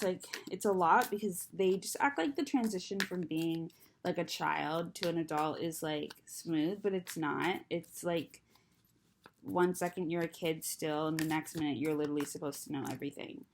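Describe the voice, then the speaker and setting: A woman's voice: low-pitched, creaky, slight background noise. A young adult woman chatting casually to camera, rambling and self-deprecating, with a slight lisp from braces. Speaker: vlogger.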